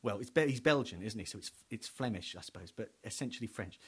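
A man's voice: on the low side, lively intonation, fast, a bit bright, slightly rough. A man giving a wry, digressive comic monologue and acting out the characters he talks about. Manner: wry, digressive, acts out voices. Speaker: comedian.

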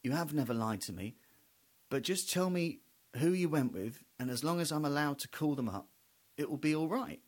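A man voicing an upset, suspicious middle-aged wife who speaks in hushed, accusing tones. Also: a little high, expressive, normal speed. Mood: weary.

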